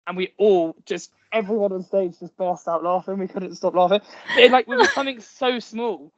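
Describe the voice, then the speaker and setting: A man chats as an interview guest, rattling through his stories at a quick clip and leaning on "like" between phrases. His voice sits high for a man. The sound is dry and a little dull and lo-fi. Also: expressive, no echo. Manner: chatty storytelling with many "like" fillers. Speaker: actor and guest. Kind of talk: casual interview chat. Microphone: headphones.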